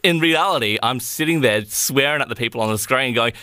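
A man's voice: medium pitch, brisk, sharp tone, dry recording. A young Australian man co-hosting a podcast, chatting casually and laughing often between rambling asides. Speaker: podcast co-host. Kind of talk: casual chat.

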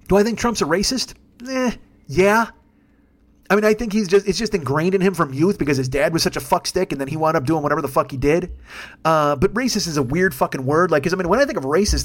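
Fast-talking, swearing man in his fifties. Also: on the high side. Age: 50s. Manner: heavy swearing, fired-up ranting. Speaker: podcast host. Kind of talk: solo ranting monologue.

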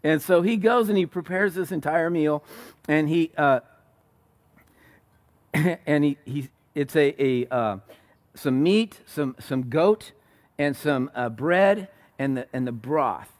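Guy preaching, kinda high voice, jumps around telling the story, lots of restarts. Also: slow, long pauses. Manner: animated storytelling, many restarts, acted-out quotes. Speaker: pastor. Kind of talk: sermon.

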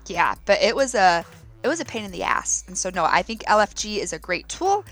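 A woman in her thirties, a podcast co-host, chatting casually and telling stories with lively laughs. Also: medium pitch, fairly quick, soft background music. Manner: animated storytelling with laughs. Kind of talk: casual chat.

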